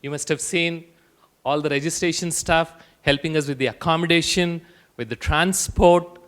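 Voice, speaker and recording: Bright high-voiced man hosting a gathering. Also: moderate pace. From India. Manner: calling people forward, coaxing. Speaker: event host. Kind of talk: addressing a gathering. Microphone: handheld mic.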